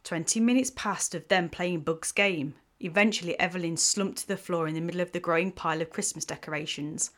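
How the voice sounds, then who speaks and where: A woman reading a romance story aloud in an even, measured way. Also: on the low side. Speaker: host and story narrator. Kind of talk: scripted story narration.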